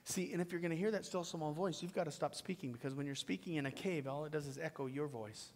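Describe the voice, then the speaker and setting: A man's voice: a little high, fast talker. Fiery preacher man in a big hall. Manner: builds to loud, pleading peaks, then drops to a hushed whisper. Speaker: pastor. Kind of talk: sermon. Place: church sanctuary. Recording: long reverb of a church hall.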